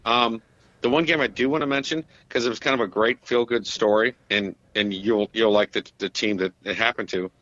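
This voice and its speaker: A man's voice: on the low side, fairly even intonation, fairly quick, a bit bright, no echo. A man joins a sports podcast as a guest and talks easily, agreeing often and filling gaps with small words. His voice comes through a dull, lo-fi line with the top end cut off. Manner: easygoing, agreeable, lots of fillers. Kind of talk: casual sports podcast chat.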